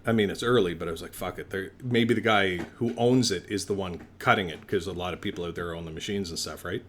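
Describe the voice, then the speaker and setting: A man's voice: low-pitched, fast, fairly bright tone, slight background noise. A man on a podcast telling a long story in a casual way, swearing often and acting out the people in it. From Canada. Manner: swears a lot, acts out both sides of a phone call. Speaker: podcast co-host.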